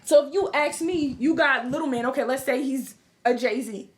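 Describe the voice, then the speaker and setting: Brief: high-pitched woman guest, animated casual storyteller. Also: normal speed. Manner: animated storytelling, many fillers. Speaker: podcast guest, music artist. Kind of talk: casual chat.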